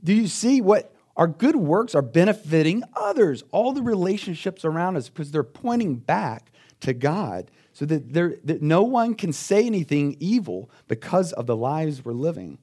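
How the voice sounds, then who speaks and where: A man's voice: fairly high pitch, sing-song, normal speed, few pauses. Emphatic storytelling male pastor. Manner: conversational storytelling, swings between quiet asides and loud emphatic bursts. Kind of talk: sermon.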